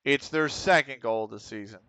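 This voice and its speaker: Live on stream, a man calls a football management game, excitable and quick to swear, addressing the on-screen players directly. His medium-pitched voice is bright and forceful, with slight background noise.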